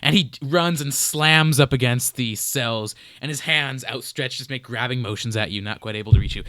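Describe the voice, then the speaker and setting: A young man narrating and explaining rules as game master of a tabletop game, relaxed and playful. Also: mid-range voice, moderate pace, hardly any pauses, no echo, clean studio sound.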